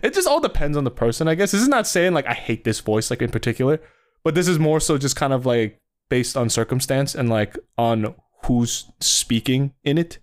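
A man's voice: medium pitch, very animated, brisk. A young man from New Jersey, co-hosting a podcast in a casual chat, rambling with lots of fillers and sliding into mock voices. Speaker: podcast co-host.

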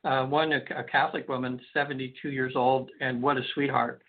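Heard over a lo-fi, phone-like line, this mid-range male voice moves fairly quickly with little pitch variation. He's a hypnotherapist guest on call-in radio, rambling through stories with many restarts.

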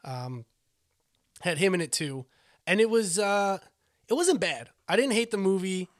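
A man's voice: sits high, expressive, a little slow, dry recording, studio quality. A young adult man co-hosting a podcast, rambling casually with many restarts and hesitations. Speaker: podcast co-host. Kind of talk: casual chat.

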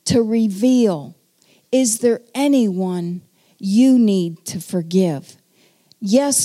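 Woman preacher sharing her testimony, soft mellow tone, earnest and slow with little pauses. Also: fairly high pitch. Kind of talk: testimony sermon.

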